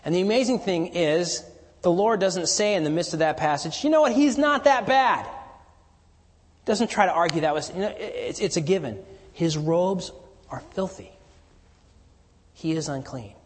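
A man preaching a sermon, moving from emphatic lines to hushed, near-whispered stresses. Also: fairly high pitch, normal speed. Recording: long hall reverb.

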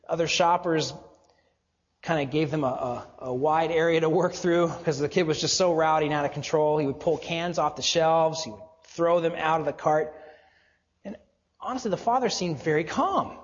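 A male pastor preaching a sermon, earnest and exhorting, often dropping to a low, quiet voice for emphasis. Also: normal speed, big-room sound, muffled recording.

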